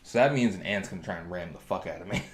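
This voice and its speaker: A man's voice: low voice, fast talker, echoey room. A man co-hosting a podcast, telling blunt, profane stories in casual banter. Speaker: podcast co-host.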